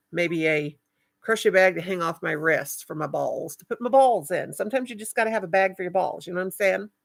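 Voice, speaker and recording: A woman's voice: sits low, gravelly. An older woman hosting a live stream, chatting casually and affectionately with viewers in a rambling way, with a cackling laugh.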